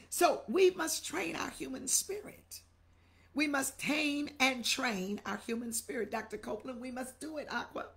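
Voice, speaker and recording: A woman's voice: high voice, moderate pace, creaky, fairly bright tone. A middle-aged woman bishop, preaching on a livestream sermon with exuberant repetition and greeting viewers by name.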